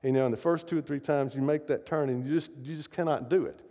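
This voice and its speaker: Preaching fast and with fairly even intonation, a middle-aged man stresses his points and keeps asking his listeners questions. His warm, mellow voice sits a little high, echoing with long reverb in a large hall.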